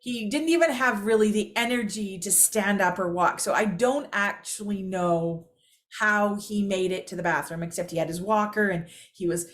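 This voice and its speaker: A woman's voice: mid-range voice, normal speed. A woman telling a personal story casually to camera, rambling, full of fillers and restarts, often laughing. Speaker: vlogger.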